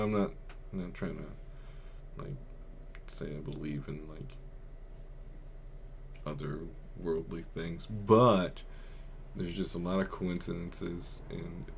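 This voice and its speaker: A young man with a low, deep voice tells a long personal story on his podcast. He rambles and fills his talk with filler words, and his tone stays quiet and subdued. A faint hiss sits under the voice. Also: gravelly. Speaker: podcast host. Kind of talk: casual storytelling.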